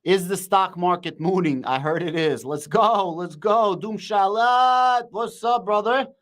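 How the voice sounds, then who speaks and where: Loud, hyped man shouting at his live stream. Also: sits high, measured pace. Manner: shouting, hyped, slangy, reads chat aloud. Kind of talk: excited live market stream.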